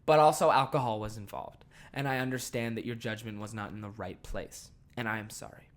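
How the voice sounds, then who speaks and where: A man's voice: fairly low pitch, fairly even intonation, fairly quick. Profane, heated man ranting on a podcast. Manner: profane, heated storytelling with big swings in loudness; self-deprecating, laughs at himself. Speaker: podcast host. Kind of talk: casual ranting monologue.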